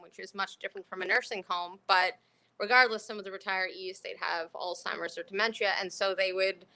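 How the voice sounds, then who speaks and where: A woman, a former dietary aide, chatting casually and telling stories with frequent laughter. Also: mid-range voice. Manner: lively storyteller who laughs often. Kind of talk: casual chat.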